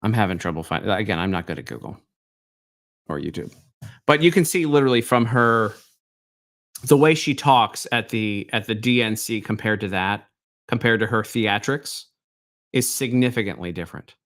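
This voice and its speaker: Male livestream host, animated and incredulous, pitch swinging widely. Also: moderate pace. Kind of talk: live-stream commentary.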